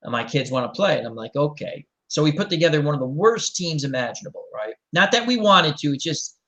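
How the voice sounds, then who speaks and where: A middle-aged man hosting a casual chat, telling a long story in a rambling, animated way and acting out the quotes. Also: on the high side, brisk, poor audio. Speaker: show host.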